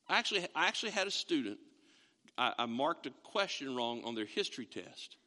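A man preaching a sermon to a congregation, animated and acting out the imagined voices of other people as he talks. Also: medium pitch, brisk, in a large hall. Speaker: pastor.

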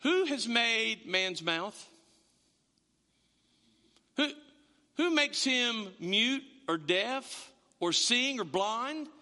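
A preacher voicing God, fed up and emphatic. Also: male voice, extremely high pitch, expressive, extremely slow, pauses often, bright, forceful tone, full character voice. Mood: solemn. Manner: emphatic, patient then fed up. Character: exasperated God speaking to a man. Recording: long reverb of a church hall.

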